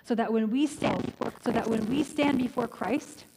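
A woman's voice: a little high, moderate pace. A middle-aged woman pastor preaching a sermon in a conversational way, restarting phrases and adding humorous asides. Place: church. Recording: loud background noise.

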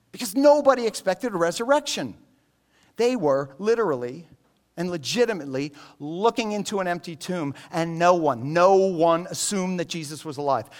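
Male pastor, somewhat high-pitched, lively, humorous storyteller delivering a sermon. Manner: animated, joking storyteller.

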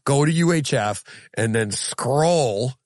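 A man hosting a podcast in casual chat, an animated storyteller who gets lively in his anecdotes. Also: medium pitch, takes it slowly, no room sound. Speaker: podcast host.

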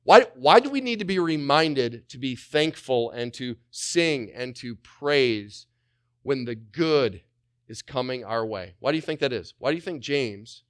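Energetic man preaching a sermon. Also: mid-range voice, measured pace, no room sound, studio quality. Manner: energetic, repetitive, voices the speakers he quotes. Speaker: pastor.

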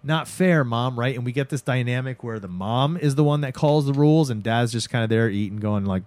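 Animated man retelling a show. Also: medium pitch, fairly quick. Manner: animated, acts out characters' lines, swears freely. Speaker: podcast host recapping a show. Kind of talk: casual chat.

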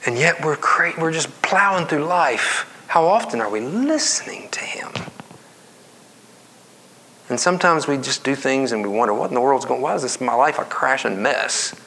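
A male pastor speaks to his congregation in an easy, conversational way. His voice sits in a middle pitch but climbs sharply when he stresses a point, and he sometimes drops to a hushed whisper. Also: a little fast, creaky, few pauses. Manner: conversational preaching, rising to emphatic highs and dropping to whispers. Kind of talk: sermon.

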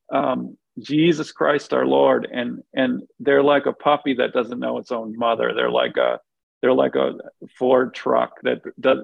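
A man's voice: medium pitch, creaky, husky, dry recording, lo-fi sound. A man co-hosting a podcast, explaining a Bible passage in an earnest, conversational way, restarting his sentences often as he thinks aloud. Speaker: podcast co-host.

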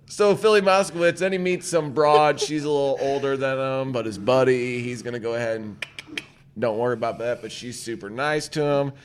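A man's voice: mid-range voice, steady tone, normal speed, slight background noise. A man hosting a podcast, retelling a cartoon plot in a rambling, profane way. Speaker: podcast host. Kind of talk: casual chat.

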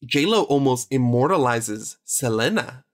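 A man's voice: medium pitch, lively intonation, unhurried. A man co-hosts a casual podcast about a film, with an ordinary, mid-range voice. He talks in long, rambling stretches, stressing his points and often correcting himself. The talk is loose and conversational. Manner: rambling, self-correcting, emphatic. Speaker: podcast co-host.

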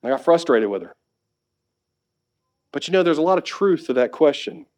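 A man who is a pastor, preaching a sermon that swings between emphatic exhortation and soft, conversational asides. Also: a little high, big pitch swings, moderate pace.

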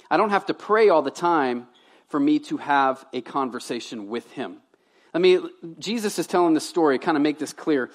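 A man in his thirties, a pastor from Louisiana, preaching a sermon in a conversational way, shifting between loud emphasis and quiet asides. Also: a little high.

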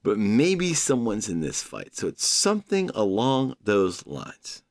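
A man hosting his own podcast, alone at the mic, rambling in a playful, loose way. His voice sits a little low, but it swings up and down a lot as he talks. He speaks straight to his listeners. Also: big pitch swings, takes it slowly. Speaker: podcast host. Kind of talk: casual solo podcast monologue.

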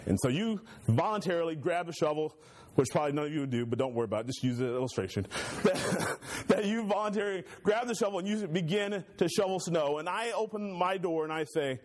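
A man's voice: fairly high pitch, expressive, fast talker. A male pastor teaching a church Bible class in a conversational, joking way, using homey stories to make his points.

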